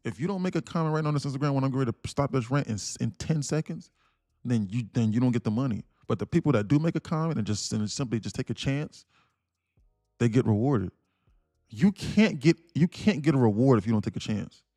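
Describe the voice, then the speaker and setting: A man's voice: mid-range voice, animated, a little fast, warm tone, no echo, studio quality. A young man hosting a live trading stream, ranting emphatically and laughing between his points. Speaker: day trader streaming live. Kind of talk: livestream rant and trading commentary.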